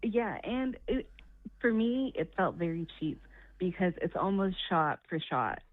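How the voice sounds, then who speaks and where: A woman with a fairly low voice chats casually and agreeably, often laughing along. Her audio sounds thin and tinny, like a phone line. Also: sing-song, a little slow, no echo. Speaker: podcast guest. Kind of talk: casual chat.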